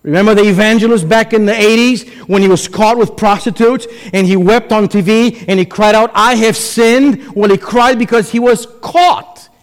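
A man preaching a sermon as pastor, emphatic, with dramatic pauses and acted-out quotes. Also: sits high. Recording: long hall reverb.

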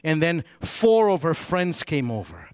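A man preaching a sermon as a pastor, swinging between raised, emphatic preaching and hushed, intimate storytelling, often repeating and restarting words as he tells a story. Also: on the high side, wildly swooping pitch, a little slow, clear, resonant tone, no echo. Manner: repeats and restarts words when telling stories.

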